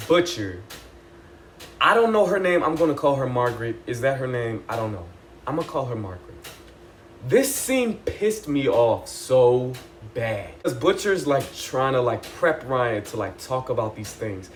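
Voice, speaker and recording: Excitable young man recapping a show. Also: mid-range voice, moderate pace, slight background noise. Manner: excitable, animated, chatty with lots of "like" and "y'all". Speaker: TV recap vlogger. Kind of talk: casual episode recap.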